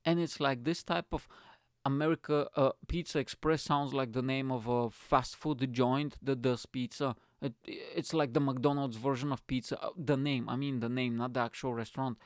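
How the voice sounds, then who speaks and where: A man from Bulgaria, hosting his show in an animated, profane comic rant full of filler phrases. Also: mid-range voice, moderate pace, no room sound, clean studio sound. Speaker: podcast host. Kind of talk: comic ranting monologue.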